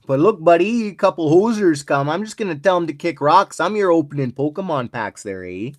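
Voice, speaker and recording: A man's voice: a little high, animated, fairly quick. A man in his forties voicing an exaggerated Canadian hoser guy, drawling folksy lines in a put-on Canadian accent. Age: 40s. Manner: drawling, ends lines with "bud" and "eh".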